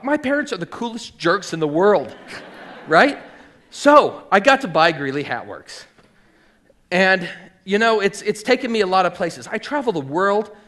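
A man's voice: high voice, fairly bright tone. A middle-aged man who owns a hat shop, telling the story of how he bought it and acting out the people he quotes. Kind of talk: storytelling talk.

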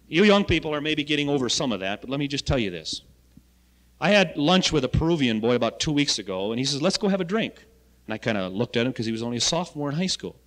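A man who coordinates school health education, giving an animated lecture to students with loud points and quiet asides. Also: a little high. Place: college lecture hall. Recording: archival 1970 lecture recording in a reverberant hall.

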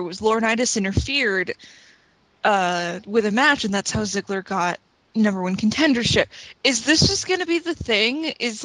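A man's voice: high-pitched, sharp tone, no echo, poor audio. A man co-hosting a wrestling podcast, complaining with exasperated rhetorical questions in casual chat. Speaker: podcast co-host.

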